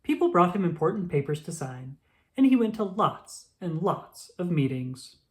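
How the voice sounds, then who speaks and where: A woman reading a children's picture book aloud, expressive and slow. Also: on the low side. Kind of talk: storybook read-aloud.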